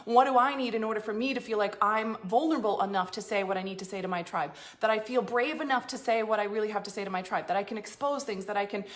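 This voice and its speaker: A woman's voice: medium pitch, fast talker, hardly any pauses. A woman business coach giving a blunt, emphatic motivational talk to her followers, swearing freely and acting out inner doubts. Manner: emphatic, blunt and swearing, swings into emotional acted-out inner monologues.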